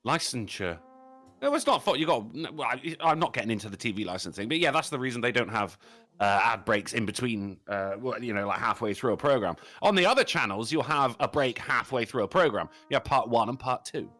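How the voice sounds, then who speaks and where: An English man on a podcast, chatting casually, swearing a lot and complaining in an animated way. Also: mid-range voice, fairly quick, soft background music. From England. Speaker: podcast co-host. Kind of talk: casual banter.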